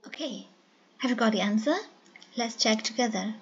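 A woman teaching an English listening lesson, speaking slowly and carefully and repeating key words. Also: a little high. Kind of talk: slow classroom explanation. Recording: dull lo-fi sound with faint hiss.

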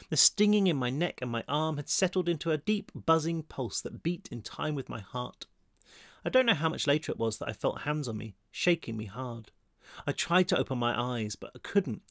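A man reading his own novel aloud in first person, steady and measured. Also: a little high, no room sound, studio quality. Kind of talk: first-person audiobook narration.

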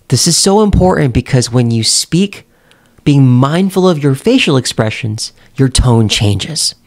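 A man's voice: mid-range voice, unhurried. A man coaching on how to connect with people, speaking straight to the viewer in an emphatic, demonstrative way. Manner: animated, emphatic, addresses the viewer directly. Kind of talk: direct-to-camera teaching.

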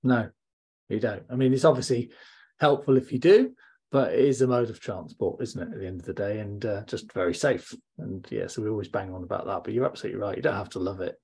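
Husky man hosting relaxed chat. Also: on the low side, quick pace. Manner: relaxed, agreeable. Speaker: podcast host. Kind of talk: casual chat.

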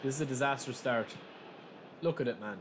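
Brief: young male gaming host, chatty commentary that flares into shouting, noisy background. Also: medium pitch, fairly quick. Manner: chatty, swings to loud excited shouting. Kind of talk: live gameplay commentary. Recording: steady background noise.

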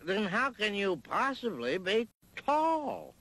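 A man's voice: high voice, very animated, slow pace, pushed and bright, heavily acted. A man voicing a short, indignant male puppet who argues insistently. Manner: indignant, arguing.

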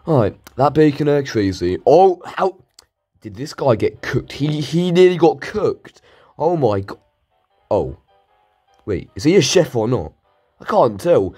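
A man's voice: medium pitch, big pitch swings, measured pace, long pauses, warm tone, husky, faint music behind. A man with a bad cold commentating a mobile game, yelping and pleading in comic panic. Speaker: gaming channel host. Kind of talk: gameplay commentary. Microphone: playing on mobile.

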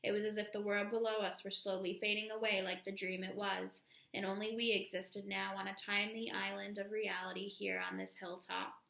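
A woman teacher reading a novel aloud to her class at a steady pace, calling out each page number. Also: mid-range voice, moderate pace, gravelly, hardly any pauses, reverberant.

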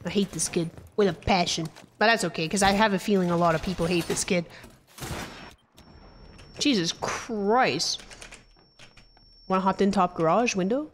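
A woman streaming a shooter game, chatting casually with profane, excitable trash talk. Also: on the low side, fast talker, few pauses, a little hiss or hum. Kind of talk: casual gameplay commentary.

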